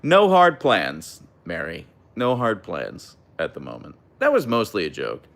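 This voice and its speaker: A young man hosting a casual livestream, chatting and reading out viewer comments in a relaxed way. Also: low-pitched, moderate pace, creaky. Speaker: livestream host reading chat. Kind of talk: casual live chat.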